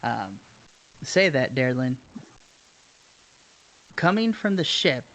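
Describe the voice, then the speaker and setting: A man's voice: mid-range voice, sing-song, slow pace, a bit bright, rough recording. A man narrating a tabletop game as its game master in a laid-back, descriptive way. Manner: laid-back, descriptive, chuckles between lines. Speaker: dungeon master.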